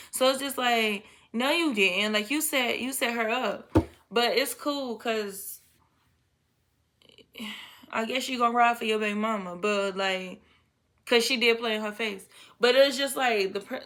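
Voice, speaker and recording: A young woman telling a casual storytime, blunt, profane and animated, full of slang and quoted dialogue. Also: a little high.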